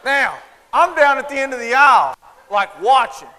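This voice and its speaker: A keynote speaker with a very high voice and a Southern accent speaks at normal speed in a large conference hall, telling humorous stories and acting out parents' and kids' voices with animation. Hall reverb, audience laughter and slight background noise come through.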